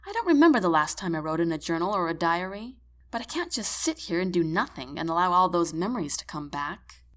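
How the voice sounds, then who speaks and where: A woman narrating a first-person audiobook with expressive, emotional storytelling. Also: on the low side, fairly quick.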